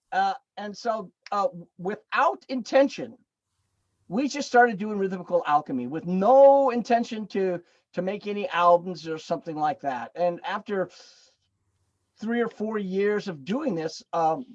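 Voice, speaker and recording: A man telling stories as a podcast guest, animated, acting out what people said, with lots of fillers and restarts. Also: sits high, measured pace, no echo, highs cut off. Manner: animated storyteller who acts out quoted dialogue; chatty, with many fillers and restarts. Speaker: podcast guest, drum circle facilitator. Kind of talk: casual storytelling interview.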